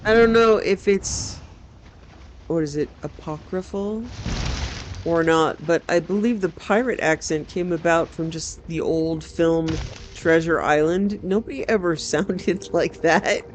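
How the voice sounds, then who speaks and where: A man's voice: a little high, a little slow, a little hiss or hum. A man giving casual, wry commentary while playing a video game and poking fun at its voice acting. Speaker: game streamer.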